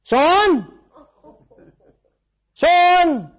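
A man's voice: very high voice, very animated, fast, voice pushed up. A preacher barking as a stern, alarmed father. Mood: alarmed, scolding. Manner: loud sharp commands. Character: stern alarmed father shouting at his son. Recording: dull lo-fi recording.

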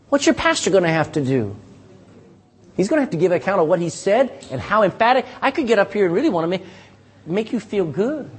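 A man's voice: sits high, moderate pace, long pauses, husky. A pastor preaching an emphatic sermon to his congregation, teasing listeners by name and calling for "Amen?" replies. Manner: emphatic, animated preaching with call-and-response "Amen?". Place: church sanctuary.

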